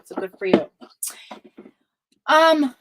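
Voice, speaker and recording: A woman's voice: sits high, expressive, takes it slowly, a bit bright, a little hiss or hum, low-quality recording. A woman hosting a live tarot reading, talking in a chatty, meandering way and calling viewers affectionate pet names. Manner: chatty and affectionate, calls viewers cutie pie; meandering, full of fillers and restarts. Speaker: tarot reader hosting a livestream.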